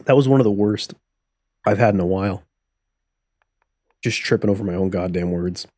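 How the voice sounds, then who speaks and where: Profane joking male streamer, dark husky voice. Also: low-pitched, normal speed, no echo, clean studio sound. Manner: profane, joking, laughs often. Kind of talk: casual live-stream commentary while playing.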